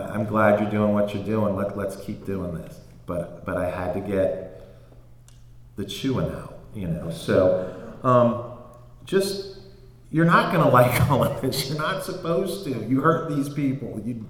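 Man, member sharing at a recovery meeting; halting, filler-heavy delivery; reverberant hall. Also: medium pitch. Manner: halting, many fillers and restarts. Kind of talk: personal sharing. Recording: echoey hall.

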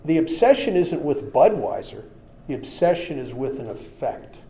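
Man, recovery-story speaker; plain-spoken, humorous, slightly higher voice. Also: moderate pace, creaky. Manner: plain-spoken and humorous, shifting between lively and quiet. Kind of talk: personal storytelling talk.

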